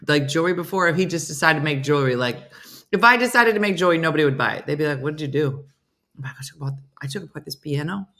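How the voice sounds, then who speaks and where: A middle-aged woman with a low voice, talking casually as a comedian host. She tells anecdotes with lots of quoted back-and-forth and answers viewers by name. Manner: chatty storyteller, quoting others in lively voices. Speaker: comedian hosting a live morning show. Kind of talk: casual chat reading viewer comments.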